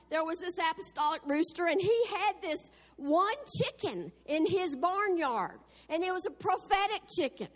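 An exuberant woman preacher delivers a sermon, breaking into exclamations of praise between storytelling lines. Her voice sits high. A long hall reverb trails behind it. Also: fairly bright tone. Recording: echoey hall.

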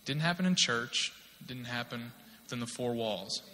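Male preacher in his thirties, bright and forceful, casual testimony turning emphatic, heard in a reverberant church. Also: mid-range voice, animated, moderate pace. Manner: conversational storytelling, rising to emphatic exhortation. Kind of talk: sermon with personal testimony. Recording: long hall reverb.

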